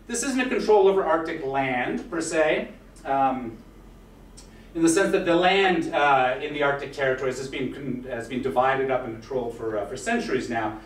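A man giving a history lecture in a conversational way, with many "uh" fillers and wry asides. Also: on the high side. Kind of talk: university lecture. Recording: echoey hall, mic far off, faint hiss.

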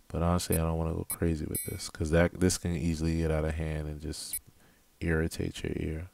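Deep, flat-voiced man explaining mixing. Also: creaky. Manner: relaxed, explanatory, thinking aloud. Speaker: music producer teaching mixing. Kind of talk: casual screen-recorded tutorial. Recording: music tracks playing behind. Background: music playback.

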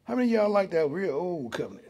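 A man's voice: high-pitched, sing-song, fast talker, warm tone. A man, preaching as pastor in a church, emphatic and full of rhetorical questions. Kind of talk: sermon.

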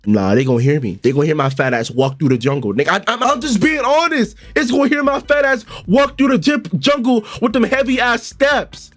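A young man giving comedic reaction commentary, animated and exaggerated, with sudden loud outbursts and a lot of swearing. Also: extremely high pitch, fairly quick, few pauses. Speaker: online video host reacting to a video.

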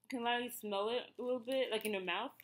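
A woman's voice: a little high, steady tone, quick pace. Woman in her thirties, Ethiopian accent, casual snack review, chatty, lots of fillers. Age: 30s. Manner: chatty, full of fillers and restarts. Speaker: vlogger.

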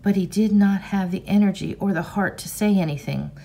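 A teacher reading a novel aloud to her class in a measured, expressive storybook manner. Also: mid-range voice, creaky.

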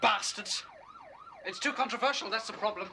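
An actor playing a bitter, stammering writer who rants about the police. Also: male voice, high voice, normal speed, noisy background, natural voice. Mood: awkward. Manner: stammering, ranting. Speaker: aspiring writer.

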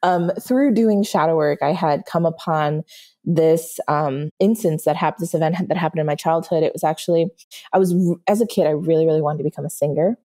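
A woman's voice: low-pitched, a little fast. A woman manifestation coach giving an interview, telling stories animatedly and checking in with "right?". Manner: animated storytelling, frequent "right?" check-ins. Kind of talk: podcast guest interview.

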